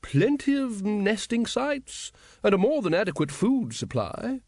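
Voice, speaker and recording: A man's voice: high voice, sing-song, a little slow, a little mellow, no echo, clean studio sound, pitched above the performer's own voice, heavily acted. A man voicing a doddering, pompous old wizard who rambles grandly. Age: older.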